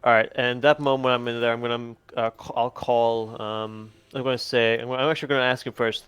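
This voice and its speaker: A man's voice: medium pitch, little pitch movement, fairly quick, few pauses, a bit bright, clean tone. Casual man playing a tabletop game. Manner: short backchannel replies, casual. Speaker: player.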